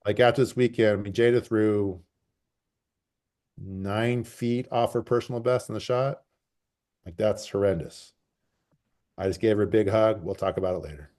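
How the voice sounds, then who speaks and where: A man who coaches track and field, answering interview questions in a relaxed, rambling way and repeating phrases for emphasis. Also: on the low side, normal speed, long pauses. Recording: call recording.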